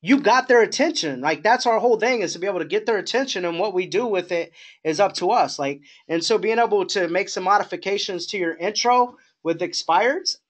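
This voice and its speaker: A man's voice: sits high, lively intonation, fairly quick. A man coaching new sales agents on a group call, talking informally with many restarts and asides. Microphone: conference call line.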